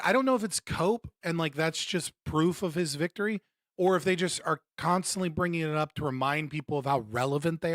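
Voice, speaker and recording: A man's voice: on the high side, no echo, studio quality. A young man live-streaming his reactions, ranting bluntly and mockingly with lots of swearing. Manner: blunt, profane, mocking, animated rants. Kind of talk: casual live-stream commentary.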